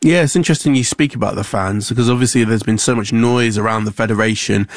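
A man presenting sports news on the radio in a brisk, conversational way. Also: mid-range voice, no room sound, studio quality.

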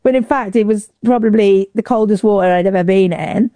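A woman from Wales recounts a story in casual conversation, jumping high in pitch whenever she acts out what people said. Her voice is mellow and warm, recorded close and dry with no room sound. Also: a little fast, no echo. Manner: lively, acts out quotes with big pitch jumps. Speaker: interview guest.

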